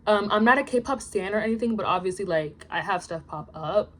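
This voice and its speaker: A young woman reading out study notes in a casual vlog, chatty and self-deprecating, her asides trailing off into quiet mumbles. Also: medium pitch, animated, a little fast. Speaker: language learner vlogger.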